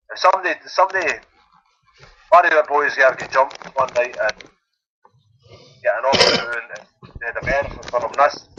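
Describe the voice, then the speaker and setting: A Scottish man calls into a radio show, his voice at a middling pitch. He chats in a relaxed, rambling way, full of fillers and asides. His line sounds dull and lo-fi. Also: slight background noise. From Scotland. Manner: easygoing, chatty, lots of fillers. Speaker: caller. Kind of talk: casual chat.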